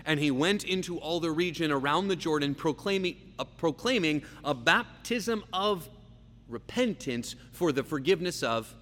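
A man preaching a verse-by-verse sermon, emphatic, slowing down and repeating key phrases for weight. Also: fairly high pitch, expressive, a bit bright. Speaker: pastor. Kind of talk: expository sermon. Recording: long reverb, faint hum.

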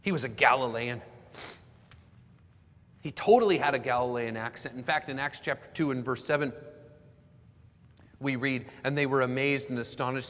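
A Canadian man in his forties preaching a sermon, swinging between loud emphasis and hushed near-whispers. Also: medium pitch, normal speed, long pauses. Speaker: pastor. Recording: long hall reverb, faint background noise.

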